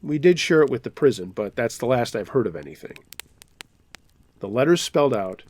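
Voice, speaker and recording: A man reading listener-submitted scary stories aloud in a measured, dramatic storytelling manner. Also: lowish voice, expressive, darkish tone. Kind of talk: scripted storytelling narration.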